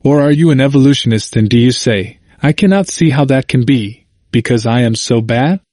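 A man's voice: medium pitch, normal speed, a little mellow, no room sound, clean studio sound. A man reading a sermon aloud, earnest and emphatic, pressing the listener with rhetorical questions. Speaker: sermon reader.

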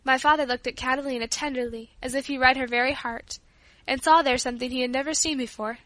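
A woman reading a storybook aloud in a clear, even storytelling manner. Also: high-pitched, fast talker, no room sound. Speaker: audiobook reader. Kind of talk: scripted narration.

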